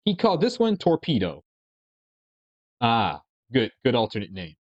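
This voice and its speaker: A man's voice: medium pitch, huge pitch swings, normal speed, darkish tone, dry recording. A man casually commenting on videos, rambling and hesitant with many restarts. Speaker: reaction video host. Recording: dry, dull lo-fi sound.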